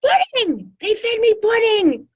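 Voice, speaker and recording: A woman voicing a loud, larger-than-life patient who shrieks her lines high and fast. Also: huge pitch swings, exaggerated voice. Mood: excited. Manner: shrill, exclaiming, high-pitched.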